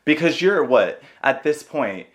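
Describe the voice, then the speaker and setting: A man hosting his channel in a casual chat, excitable and swearing, laughing at himself. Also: a little high, unhurried. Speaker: host. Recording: echoey room.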